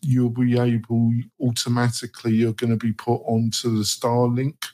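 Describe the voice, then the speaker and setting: A man's voice: mid-range voice, monotone, normal speed, darkish tone. A man with an English accent chatting on a podcast, thoughtful with a dry sarcastic streak. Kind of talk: casual podcast talk.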